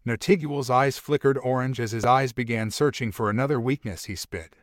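A man narrating an amateur fantasy story, reading in a halting, stumbling way. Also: mid-range voice, no room sound, studio quality.

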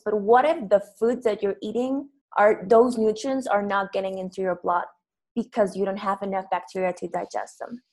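A woman's voice: mid-range voice, fairly even intonation, moderate pace, a little mellow, poor audio. A woman from Peru, a health coach explaining her field earnestly as a guest. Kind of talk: interview answers.

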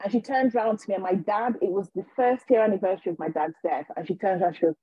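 A woman, a guest on a podcast, telling her personal story in an animated way and acting out what people said to her. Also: medium pitch, fast talker, breathy edge, dry recording, lo-fi sound. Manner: animated, acts out quoted dialogue. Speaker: guest, healer and intuitive.

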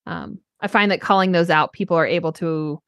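A woman co-hosting a coaching podcast, talking in an earnest, animated way and acting out little quotes. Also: lowish voice, fairly quick, dry recording, clean studio sound. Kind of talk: casual podcast conversation.

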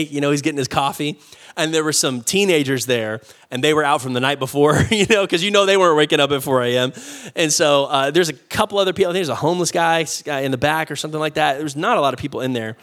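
A man's voice: a little high, fast talker, fairly bright tone. A man, preaching a sermon in a conversational storytelling way, with asides to the congregation. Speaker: pastor. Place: church sanctuary.

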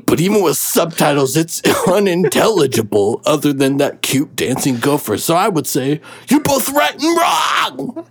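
A man's voice: medium pitch, husky, full character voice. A man playing a crude, rambling shock-jock radio DJ who takes callers and laughs between his quips.

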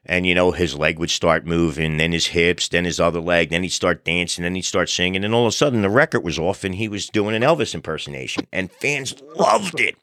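A man hosting a podcast, telling funny stories in a relaxed, animated way. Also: deep voice, a little fast, hardly any pauses, dry recording, clean studio sound. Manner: animated storyteller, acts out crowd voices. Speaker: podcast host. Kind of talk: casual storytelling chat.

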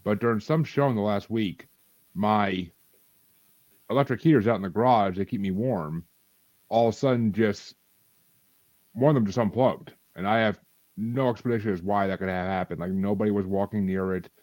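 A man's voice: on the low side, moderate pace, a little mellow, no echo, poor audio. A man co-hosting a podcast, telling stories in a rambling, hedging way. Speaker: podcast co-host. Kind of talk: casual chat.

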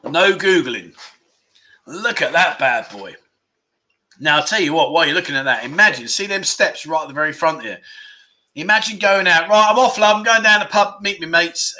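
Man, livestream host, jokey and chatty, fairly high voice, bright tone. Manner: chatty, jokey, reads viewer comments aloud. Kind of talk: casual livestream chat.

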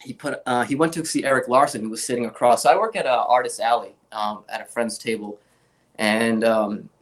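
Man, young adult, interview guest, mid-pitched, storyteller who acts out quotes. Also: a little fast. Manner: animated anecdotes, acts out quoted voices. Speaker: guest, comic art collector.

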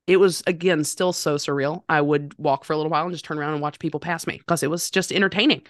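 Woman podcast guest, low-pitched, animated and self-deprecating, dry close sound. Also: fast talker, dry recording. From North Carolina. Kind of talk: casual conversational storytelling.

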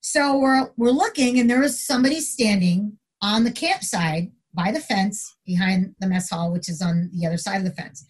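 Telling a story in a relaxed interview, a middle-aged retired corrections officer performs each quote with dramatic pitch leaps. Her voice has a breathy edge, and she talks at a moderate pace with hardly any pauses.

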